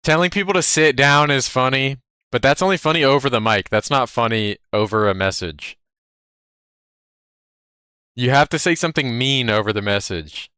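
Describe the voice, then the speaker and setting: A man's voice: medium pitch, expressive, normal speed, sharp tone, clear, resonant tone, dry recording, clean studio sound. A man streaming live, chatting casually in a brash, profane, cocky way. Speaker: livestreamer.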